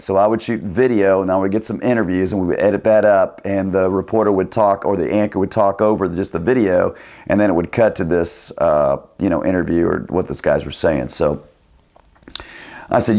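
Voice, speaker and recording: A man with a somewhat low voice tells an old work story in a casual, chatty way. He laughs easily and fills his talk with "man" and "you know". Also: fairly quick, mellow. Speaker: former TV news cameraman.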